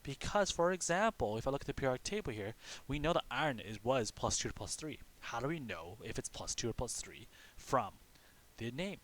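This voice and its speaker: A man's voice: medium pitch, sing-song, a little fast, a bit bright. A man teaching a recorded lesson, explaining step by step and asking and answering his own questions, often checking in with "okay". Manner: frequent "okay" check-ins.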